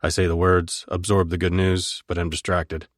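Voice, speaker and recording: A man narrating a first-person romance audiobook in a low, intimate, measured way, close to the mic. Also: level tone, no room sound.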